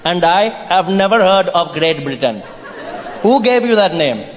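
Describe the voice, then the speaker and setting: A man's voice: high voice, animated, unhurried. A comedian putting on a blunt, teasing Indian local man with an Indian accent in a live stand-up bit. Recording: live club hall with audience.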